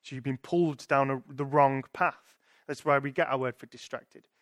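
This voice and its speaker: A man's voice: mid-range voice, steady tone, moderate pace, fairly bright tone, no room sound, studio quality. A young man giving a sermon in a conversational way, thinking aloud with restarts and asking "right?" to his listeners. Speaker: preacher.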